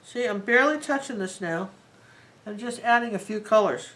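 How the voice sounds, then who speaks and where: A woman's voice: mid-range voice, normal speed, low-quality recording. A woman teaching a live painting tutorial, talking in a chatty and rambling way as she works. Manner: chatty, rambling and warmly enthusiastic. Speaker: art teacher.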